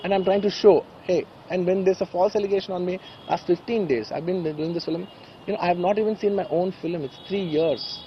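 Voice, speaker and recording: A man's voice: sits high, a little fast, highs cut off, slight background noise. A man with a background gives an emotional press statement, earnest and repeating phrases insistently. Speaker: speaker at a press conference.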